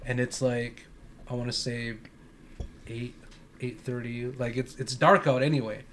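Bright-voiced profane storyteller man. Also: medium pitch, flat delivery, unhurried, slight background noise. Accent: North Country New York. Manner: loose, profane, laughing storyteller. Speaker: podcast co-host. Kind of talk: casual storytelling chat.

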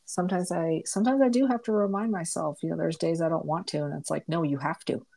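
A woman co-hosting a casual podcast, an animated storyteller who acts out quotes. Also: lowish voice, quick pace, creaky. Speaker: podcast co-host.

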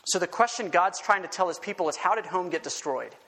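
A male pastor with a high voice preaches fast, delivering an animated sermon packed with rhetorical questions and emphatic repetition. The recording was made in a church sanctuary with long reverb.

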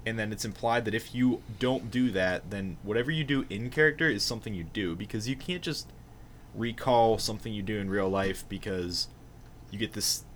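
A man's voice: fairly low pitch, moderate pace, a little hiss or hum. A man talking about role-playing in casual podcast chat, hesitant and restarting often. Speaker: player.

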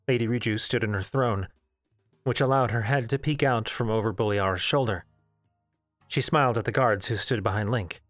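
A man narrating a novel in a measured, even storytelling voice. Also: on the low side, dry recording, studio quality, soft background music. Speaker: audiobook narrator. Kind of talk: novel reading.

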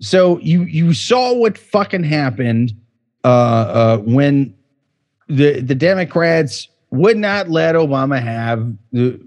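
A man co-hosting a podcast while drunk, his words slurring together. His voice sits high and swings widely in pitch, and he speaks slowly. He swears freely and stumbles over restarts as he rambles. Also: animated, darkish tone. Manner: profane, rambling, stammers through restarts. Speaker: podcast co-host. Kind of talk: casual comedic podcast chat.

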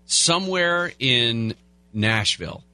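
A man's voice: mid-range voice, lively intonation, slow pace, sharp tone. A man hosting a talk radio show, chatting casually and reading headlines with rambling asides. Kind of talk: talk radio chat and news rundown. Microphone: studio broadcast mic.

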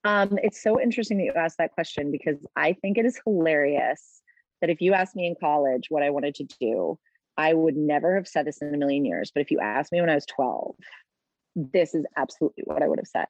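A woman's voice: sits low, lively intonation, brisk, a little mellow, dry recording. Chatty earnest woman, dry dull sound. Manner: chatty, earnest, many fillers like "like" and "you know". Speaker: interview guest, postpartum doula business founder. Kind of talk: casual interview conversation.

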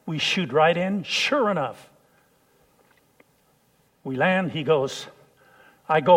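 A man preaching a sermon, telling a personal story and swinging from hushed lines to loud shouts. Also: a little high, takes it slowly, pauses often.

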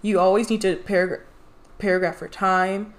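A woman's voice: medium pitch, flat delivery, moderate pace. Woman, casual read-aloud, chatty, critiques the writing, laughs at times. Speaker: co-reader and commentator.

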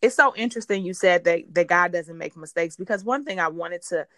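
As host of a faith-based podcast interview, a woman warmly encourages her guest, laughing often and frequently restarting her sentences. Her voice is lowish and fairly quick. The studio-quality recording is dry.

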